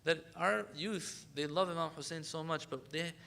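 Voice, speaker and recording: A man giving a conversational religious lecture, switching to fast recitation of Arabic supplication lines. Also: on the high side, gravelly, pushed and bright, a little hiss or hum. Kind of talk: sermon. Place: lecture hall.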